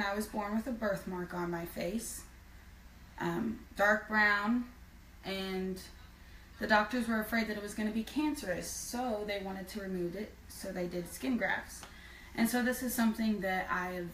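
A woman's voice: mid-range voice, a bit bright, a little hiss or hum. A woman singer in a casual live video chat, speaking earnestly with frequent fillers. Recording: roomy sound from far off.

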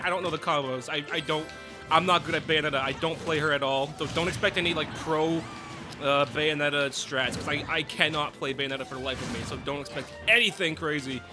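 Excitable young man over game music. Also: on the high side, fairly quick. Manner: excitable, chatty, frequent outbursts and restarts. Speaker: gaming YouTuber. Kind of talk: casual let's play commentary.

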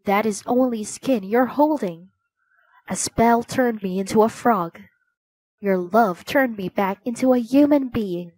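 A woman voicing a gentle, handsome young man freed from a spell, tender and reassuring. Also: fairly high pitch, unhurried, no echo, low-quality recording.

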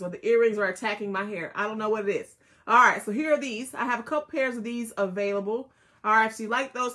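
A chatty woman runs a live jewelry sale, her voice sitting a little high. She talks casually to viewers, calling them y'all and mama, and repeats each item code. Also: fairly bright tone. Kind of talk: casual live selling chat.

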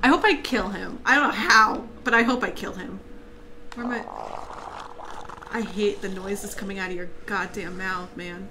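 A woman streamer giving live let's-play commentary, excitable and reactive, laughing, yelping, swearing freely and talking to the game characters. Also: mid-range voice, moderate pace. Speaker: gaming streamer.

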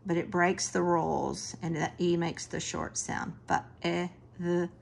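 A woman's voice: fairly low pitch, fairly even intonation, gravelly, a little hiss or hum. A woman teaching a phonics lesson to children, sounding out words one sound at a time. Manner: slow, sound-by-sound phonics drilling.

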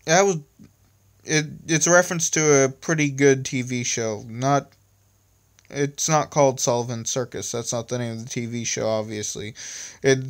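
A man breaks from reading his own story to ramble and correct himself in casual asides. He talks into a phone. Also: medium pitch.

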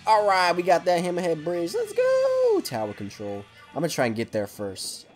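A man hosting a gaming channel, giving hyper, excitable let's play commentary and yelling at opponents. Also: a little high, fairly quick, soft background music.

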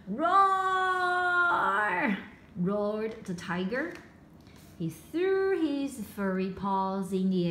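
Slow, expressive woman reading a storybook. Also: mid-range voice. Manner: slow and expressive, dramatic pauses. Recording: roomy echo with faint background hum.

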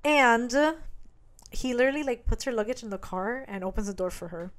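A woman's voice: a little high, fairly quick. A woman co-hosting a podcast, casually recapping a book, swearing freely and acting out the characters' lines. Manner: animated, swears a lot, acts out characters' lines. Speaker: podcast co-host.

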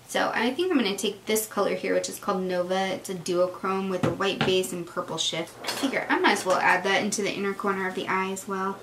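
A woman's voice: mid-range voice, normal speed. A woman beauty vlogger chatting and gushing as she does her makeup in a get-ready-with-me video. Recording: echoey room with faint noise.

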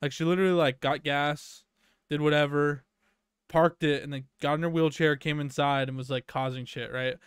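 A man's voice: a little high, fairly even intonation, normal speed, clean tone, dry recording, studio quality. Young man rambling through a story. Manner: rambling anecdote with many fillers and profanity. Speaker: podcast co-host. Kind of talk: casual storytelling chat.

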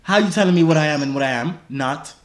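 A man's voice: on the high side, quick pace, reverberant, very noisy. A young man on a phone video call, teasing strangers and slipping in and out of a put-on British accent. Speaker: vlogger chatting with strangers. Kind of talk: joking video-chat banter.

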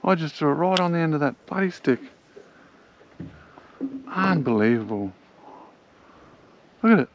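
Gravelly Australian man fishing a creek. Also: on the high side, unhurried, pauses often, highs cut off, slight background noise. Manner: excitable, chatty, talks to the fish. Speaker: angler filming his own fishing trip. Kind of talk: casual fishing vlog commentary. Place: on a small boat on a creek outdoors.

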